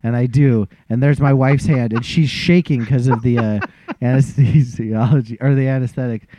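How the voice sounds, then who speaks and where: A man's voice: mid-range voice, fairly even intonation, moderate pace, dark tone, no room sound. A man telling a funny, self-deprecating story in a casual chat and acting out what other people said.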